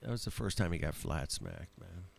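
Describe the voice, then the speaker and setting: A man's voice: low-pitched, huge pitch swings, normal speed, vocal fry, slightly rough. A man hosting a casual livestream chat, laid-back and laughing often, calling people man and bro and swearing freely. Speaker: livestream host.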